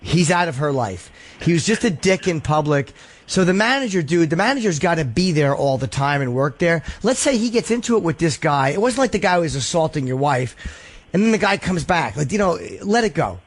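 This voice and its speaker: A man hosting a call-in show, talking quickly in a slightly high voice. He gives callers blunt, profane and reassuring advice. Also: animated. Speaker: podcast host taking calls.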